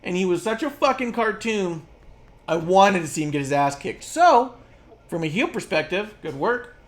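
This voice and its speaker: A podcast co-host in casual chat, rambling and swearing freely, with plenty of fillers and quick mocking asides. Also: mid-range voice, sing-song. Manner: rambling, profane, filler-heavy; drops into quick mocking impressions.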